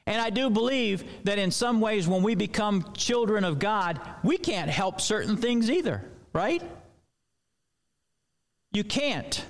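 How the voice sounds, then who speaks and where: A man's voice: high voice, animated, a little slow. A man preaching a sermon in a loose, conversational way with rambling asides.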